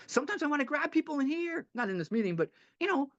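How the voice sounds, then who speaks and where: A man's voice: very high voice, big pitch swings, fast, few pauses, a bit bright, lo-fi sound. A man giving a heartfelt, rambling talk at a recovery meeting, often repeating himself and laughing a little.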